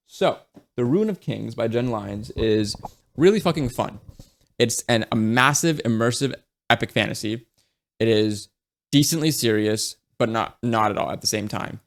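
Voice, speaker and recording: A man talking casually and enthusiastically about books, swearing freely and dropping lots of "like" and "right?" as he goes. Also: fairly low pitch. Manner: frequent fillers and tag questions. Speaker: book reviewer. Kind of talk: casual chat.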